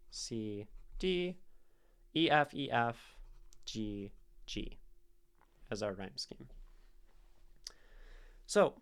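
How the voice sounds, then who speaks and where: Slow-talking man explaining poetry. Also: mid-range voice, a bit bright, clean tone. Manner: thinks aloud, explains step by step with fillers. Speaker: streamer teaching poetry. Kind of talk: casual live-stream explanation.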